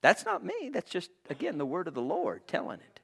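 Man preaching hard, high voice, bright and forceful, drops to whispers then shouts again. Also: huge pitch swings, a little fast, vocal fry, slightly rough. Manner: impassioned, swings from shouting to whispers. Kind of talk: sermon.

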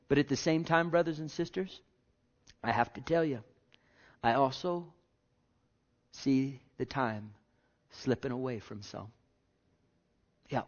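A man preaching a sermon to his congregation, slow and emphatic, repeating phrases and swinging between quiet and loud. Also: mid-range voice. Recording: dull lo-fi sound.

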